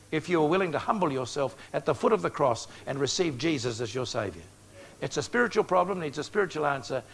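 A man's voice: a little high, fairly bright tone. A man in his sixties preaching an evangelistic sermon, speaking directly to his audience and telling stories with acted-out dialogue. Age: 60s. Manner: direct, storytelling, acts out dialogue.

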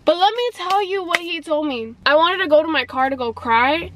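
High-voiced young woman rambling casually. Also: normal speed, a bit bright, a little hiss or hum, low-quality recording. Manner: rambling, fills with "like" and "you know". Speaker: vlogger. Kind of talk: casual confessional chat.

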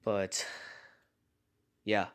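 A man hosting a casual comment-reaction vlog from his home garage, talking in a hushed voice to keep quiet. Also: extremely slow. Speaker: channel host reading viewer comments.

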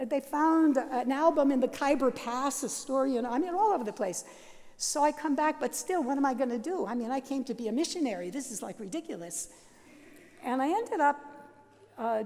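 An older Catholic sister telling her life story at a worship service, lively and self-mocking, laughing often. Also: sits high, in a large hall. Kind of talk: storytelling talk. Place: large seminary chapel.

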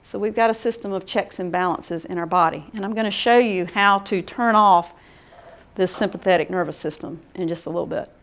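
A woman's voice: on the low side, brisk, fairly bright tone. Folksy woman presenter. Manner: folksy, conversational, checks in with "okay?". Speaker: workshop presenter. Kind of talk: casual lecture.

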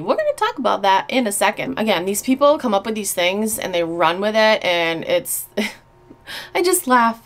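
A woman vlogger fires back at her critics, blunt and sarcastic, swearing freely. Her pitch sits in a middle range. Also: a bit bright. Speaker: YouTuber. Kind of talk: casual vlog reading comments.

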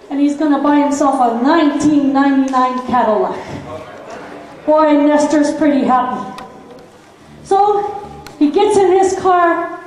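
A woman emcee tells a joke from a festival stage, chatty and folksy. Her voice is high-pitched. The loudspeaker sound is very echoey with a long, hall-like reverb. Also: slight background noise. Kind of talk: live stage announcing and joke telling.

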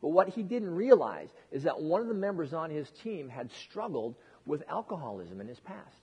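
A man's voice: a little high, big pitch swings, moderate pace, darkish tone, slightly rough, in a large hall. A male pastor preaching a casual, joking sermon, talking conversationally with frequent restarts.

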